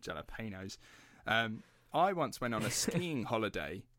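A man's voice: medium pitch, sing-song, moderate pace, fairly bright tone, dry recording, clean studio sound. A man from England co-hosting a casual podcast, rambling through anecdotes and swearing freely. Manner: rambling, swears, laughs at own stories. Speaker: podcast co-host. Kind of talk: casual chat.

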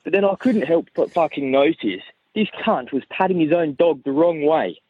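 A man's voice: fairly high pitch, expressive, moderate pace, highs cut off, slight background noise. A man leaving a profane, incredulous voice message as a caller. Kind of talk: ranting voice message.

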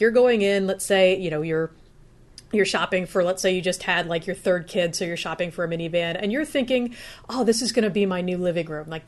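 A woman giving casual, practical advice in an easygoing conversational way, acting out what a buyer might say. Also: mid-range voice. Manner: chatty, practical, acts out buyer's inner voice. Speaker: car buying expert guest.

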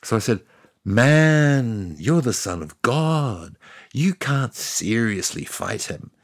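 A sardonic, talkative God tells his side of the story in a comic audio fiction. The voice is gravelly and a little husky, and the pitch swings around lively as he tells it. The recording is dry and close. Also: takes it slowly, no room sound, heavily acted. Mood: wry. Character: God, ancient male deity, wry and chatty. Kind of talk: scripted comic monologue.

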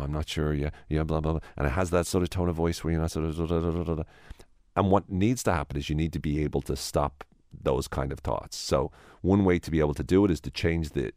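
A man with an extremely low, deep voice explains his ideas as an interview guest. He often restarts his sentences and acts out the voices in people's heads. The sound is dry and close. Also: a little mellow, dry recording. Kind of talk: conversational interview.

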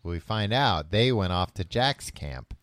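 A man's voice: sits low, expressive, unhurried, a bit bright, dry recording. A man casually retelling a book's plot on a podcast, full of fillers and restarts, slipping into the characters' voices. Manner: rambling with many fillers, acting out characters' lines. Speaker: podcast host recapping a book. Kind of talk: casual chat.

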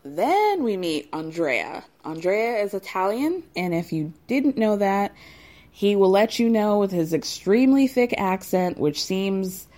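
A woman host chatting casually and wryly, with big leaps in pitch when she makes a point. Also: unhurried. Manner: chatty, wry, animated with big pitch jumps. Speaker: podcast host recapping reality TV. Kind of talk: casual chat.

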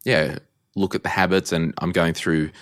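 A man hosting a podcast, talking in a relaxed, reflective and jokey way. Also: low voice, normal speed, dry recording, clean studio sound. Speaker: podcast host. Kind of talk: casual podcast conversation.

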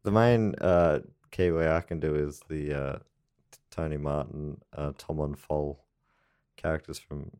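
A man co-hosting a podcast, chatting casually and teasing with quick jokes. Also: rumbling low, steady tone, darkish tone, clear, resonant tone. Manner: joking, teasing, quick quips. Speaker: podcast co-host. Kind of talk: casual chat.

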